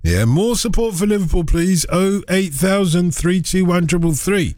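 Lively, playful male radio host. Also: high voice, normal speed, dry recording, studio quality. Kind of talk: casual phone-in chat. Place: radio studio.

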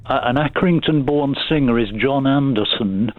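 A man's voice: mid-range voice, normal speed, no room sound. Burnley-accented man calling in by phone. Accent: Burnley, Lancashire. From Burnley, England. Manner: hesitant, many fillers and restarts. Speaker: caller. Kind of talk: phone-in radio chat. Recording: tinny phone line, dry.

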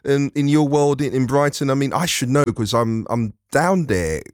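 A man's voice: medium pitch, moderate pace, a little mellow, dry recording. Male radio host, friendly casual phone-in chat in a dry studio. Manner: friendly, casual, a few hesitations. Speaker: radio presenter.

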